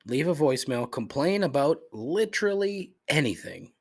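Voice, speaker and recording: Profane, ranting husky-voiced man. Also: fairly high pitch, sing-song, moderate pace. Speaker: podcast host. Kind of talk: solo comedic complaint podcast.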